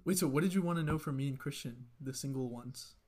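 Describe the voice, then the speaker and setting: A man's voice: medium pitch, fast, warm tone. A young man co-hosting a podcast, joking with friends and steering the chat with questions. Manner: laid-back, joking, asks the questions. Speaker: podcast co-host. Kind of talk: casual chat among friends.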